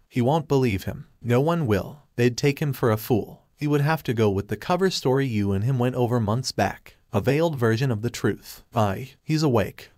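A man narrating a fan fiction story in a steady, even reading voice. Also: mid-range voice, no room sound, clean studio sound.

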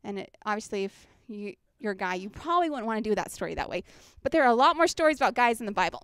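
A woman's voice: mid-range voice, sing-song, quick pace, fairly bright tone, clean tone, dry recording, studio quality. A woman presenting a children's ministry workshop, chatty and engaging, often checking in with her audience on a handheld mic. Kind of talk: workshop teaching. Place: conference workshop room.

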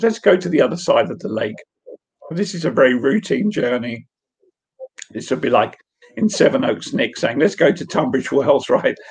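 A man's voice: on the high side, creaky, darkish tone, husky. A man giving an earnest personal testimony in an online question session, telling a story with light laughs, heard over a video call. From England. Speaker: guest speaker.

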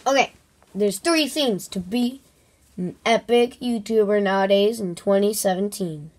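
A woman's voice: medium pitch, unhurried, darkish tone. A woman making a home video, talking to the camera in a playful, rambling way and dropping to a near-whisper for asides. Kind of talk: playful toy-play vlog.

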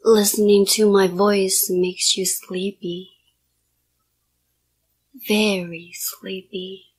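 A woman hypnotist in a whispered role-play, giving soft, repetitive hypnotic commands in a partly whispered voice. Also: mid-range voice, flat delivery, extremely slow, slight background noise.

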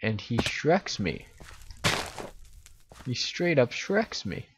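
A man giving casual, excitable and rambling commentary while playing a video game. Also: medium pitch, slow pace, noisy background. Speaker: gaming YouTuber.

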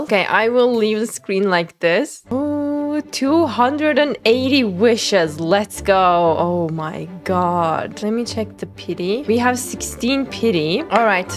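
A young woman streamer giving excitable commentary on her game pulls, pleading and squealing as the results come in. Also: medium pitch. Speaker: gaming content creator. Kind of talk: excited gacha-pull commentary.

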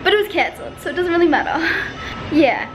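A woman's voice: very high-pitched, lively intonation, fast talker, over music. A young woman chatting casually in a vlog, rambling and swearing offhandedly, sounding tired. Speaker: vlogger.

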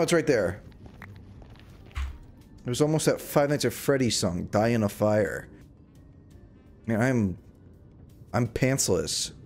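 A man's voice: medium pitch, darkish tone. A man chatting casually to his viewers on a live gaming stream, rambling and joking as he plays. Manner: rambling, jokey, talking to chat while playing.

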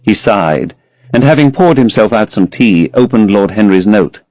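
A man narrating a classic novel as an audiobook in a measured, expressive way. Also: lowish voice, dry recording.

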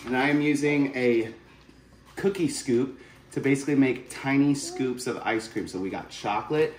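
A man presenting a casual family vlog from his home garage, energetic and promotional in tone. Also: medium pitch, normal speed, a little hiss or hum. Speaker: family vlogger. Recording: background music under voice.

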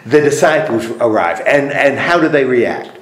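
A man's voice: mid-range voice, lively intonation, normal speed, crowd noise. A man leading a group Bible study in a church meeting room, putting questions to the group and repeating their answers. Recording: roomy echo.

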